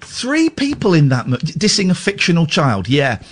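Animated English man in a playful rant. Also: fairly high pitch, moderate pace, breathy edge. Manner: animated, mock-outraged ranting with stammered restarts. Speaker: radio show host. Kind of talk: lively radio banter.

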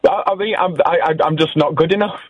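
Chuckling Yorkshire radio caller. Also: male voice, a little high, fairly quick, no echo, highs cut off. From West Yorkshire, England. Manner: friendly, chuckling, self-mocking. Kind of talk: casual phone-in chat.

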